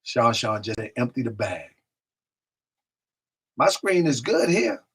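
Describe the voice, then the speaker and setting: A man's voice: medium pitch, sing-song, slow, fairly bright tone, husky. A man hosting a live stream, chatting casually, reading out viewer comments and often repeating himself. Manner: talks to chat directly, repeats himself, drifts off mic.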